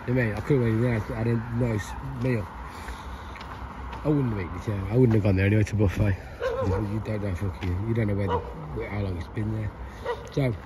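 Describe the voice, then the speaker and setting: A man rambling chattily through a walking travel vlog, filmed outdoors at night on a handheld camera. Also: lowish voice. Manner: rambling, chatty storytelling with many restarts. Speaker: travel vlogger. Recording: noisy outdoor street recording. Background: street noise and barking dogs.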